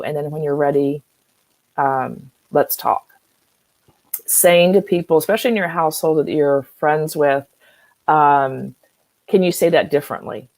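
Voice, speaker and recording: Calm low-voiced woman coaching. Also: dry recording, poor audio. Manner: calm, measured, acts out sample phrases. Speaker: wellness workshop host. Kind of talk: live online workshop talk.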